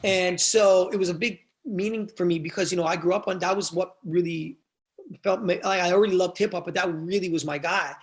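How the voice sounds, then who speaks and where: A man, a guest on a podcast, telling stories in a casual, animated way, with plenty of swearing. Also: sits high, a little fast. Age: young adult to middle-aged. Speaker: guest, event promoter.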